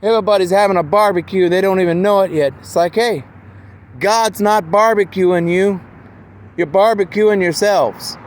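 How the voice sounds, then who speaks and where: A man's voice: sits high, moderate pace. A man talking in a rambling, meandering casual monologue outdoors, full of fillers. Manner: meandering, with constant fillers like "man" and "you know".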